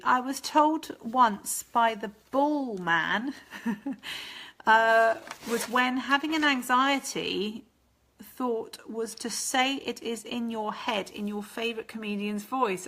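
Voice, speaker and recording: A woman's voice: a little high, pushed and bright. A woman with a chatty, rambling manner, hosting a casual live stream and answering viewer comments. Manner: chatty and rambling, laughs often.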